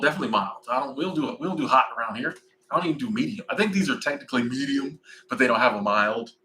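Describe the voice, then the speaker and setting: A man in his forties chatting casually on a livestream, rambling and animated. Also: mid-range voice, slight background noise, low-quality recording. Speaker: livestream host.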